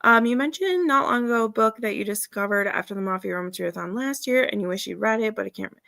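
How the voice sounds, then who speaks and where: A woman's voice: mid-range voice, animated, fast, creaky, fairly bright tone, no echo. A woman hosting a live reading stream, chatting casually and laughing often as she gushes about books. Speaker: readathon host.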